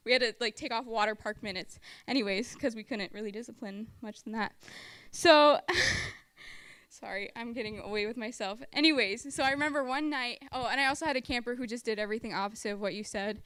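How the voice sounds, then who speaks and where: A woman's voice: a little high, brisk, a bit bright, clean tone, no room sound. A young woman giving a church testimony about her time as a camp counselor, in a chatty storytelling style full of "like" and acted-out quotes. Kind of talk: personal testimony talk at church.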